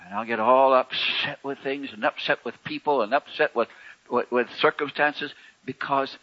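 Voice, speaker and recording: A man preaching a sermon in a folksy, conversational way, with wry humor and sharp swings between loud and soft. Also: medium pitch, steady tone, moderate pace, muffled recording.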